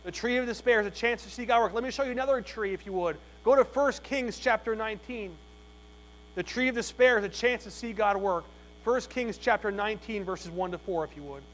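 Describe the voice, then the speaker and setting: A male preacher with a very high-pitched voice delivers an emphatic evening sermon, repeating his points again and again. A low mains hum runs under the recording. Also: fairly quick, poor audio. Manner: emphatic, repeats key phrases.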